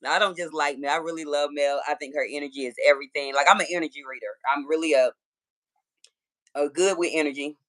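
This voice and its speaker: A woman in her thirties from Georgia with a Southern accent, chatting casually and profanely with viewers on a phone livestream. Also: low voice. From Georgia, USA. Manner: chatty, profane, talks straight to her chat. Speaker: livestream host.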